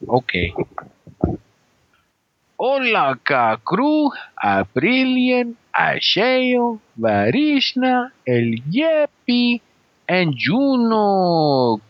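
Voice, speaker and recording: A man's voice: high voice, huge pitch swings, very slow, no echo, dull audio, full character voice. A man with a heavy Mexican Spanish accent, joking through a recorded listener message with Spanish slang. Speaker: listener in audio submission.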